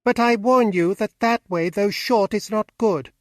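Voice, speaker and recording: A man reading an audiobook, voicing a lively cheerful young woman driver with a light, laughing manner. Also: sits high, a little slow, no room sound, clean studio sound, pitched above the performer's own voice.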